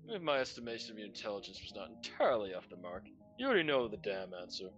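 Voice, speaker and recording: A man's voice: on the low side, very animated, quick pace, a bit bright, faint music behind. A man voicing a sinister, theatrical clown showman who calls himself a Duke of Hell, mocking and threatening. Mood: menacing.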